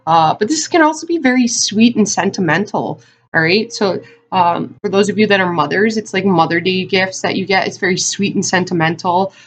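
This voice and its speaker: A woman's voice: medium pitch, moderate pace. A woman giving a casual tarot card reading to her viewers, talking in a chatty, rambling way with lots of fillers and asides. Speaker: tarot reader.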